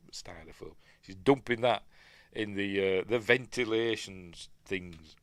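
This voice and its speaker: A man's voice: on the low side, normal speed, no room sound. A man with a Yorkshire accent casually breaking down a film, rambling and digressing with lots of fillers. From Yorkshire, England. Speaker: film reviewer.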